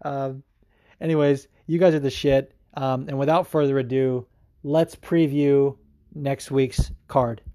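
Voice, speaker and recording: A man hosting a podcast, talking casually in a rambling, excitable way with plenty of fillers and swearing. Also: medium pitch, a little slow, dry recording, studio quality. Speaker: podcast host. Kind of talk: casual chat.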